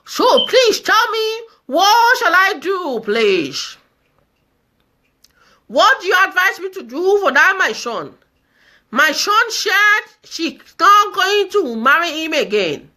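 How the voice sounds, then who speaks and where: A woman's voice: very high-pitched, sing-song, slow pace, pushed and bright, heavily acted. A woman in a comedy skit playing a fussy elderly mother who pleads and wails, with a squawky, cracked voice. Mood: pleading. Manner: pleading, repetitive, wailing complaints. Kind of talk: comedy skit, live video.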